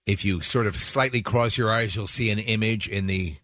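Radio co-host guy, low-ish but bright voice, dry close mic, wry jokes. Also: steady tone, moderate pace, no room sound. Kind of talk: casual morning radio banter.

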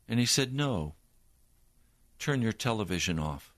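An older man, a preacher, giving an earnest personal testimony in a slow storytelling manner. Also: lowish voice, lively intonation, fairly bright tone, no echo.

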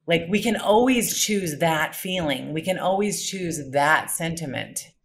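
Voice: mid-range voice, animated, measured pace, vocal fry, fairly bright tone. A podcast host in casual conversation, enthusiastic and rambling, often restarting phrases while thinking aloud. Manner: enthusiastic, rambling, repeats words as thoughts form.

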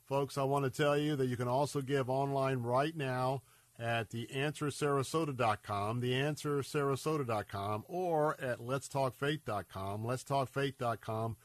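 Man, radio host, urgent earnest appeal, slightly scratchy congested voice, middle pitch, dry close sound. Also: moderate pace, no room sound. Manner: urgent, earnest pleading with frequent fillers.

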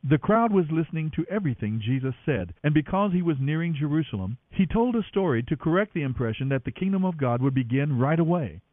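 An expressive man reading scripture with a lively, rising and falling delivery. The recording is dry and narrow, like it comes through a telephone. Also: on the high side, quick pace, hardly any pauses, no echo. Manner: expressive, voices each speaker. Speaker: Bible reader. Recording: dry, tinny phone-like sound.

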